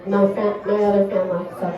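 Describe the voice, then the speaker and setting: A woman doing a stand-up comedy set, rambling and self-deprecating, with a halting storytelling manner. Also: medium pitch, flat delivery, lo-fi sound, a faint crowd. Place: small comedy club stage. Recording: echoey club heard from a distance.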